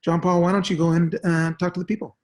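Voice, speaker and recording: A man's voice: high-pitched, level tone, fast, darkish tone. A man hosting a golf webinar, introducing a guest in a casual, hesitant way with many fillers. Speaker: host.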